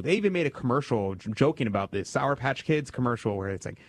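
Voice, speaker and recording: Relaxed male radio host, dry sound. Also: medium pitch, quick pace, hardly any pauses, dry recording. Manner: conversational, restarts and reads poetry aloud. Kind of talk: casual chat about faith and poetry. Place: radio studio.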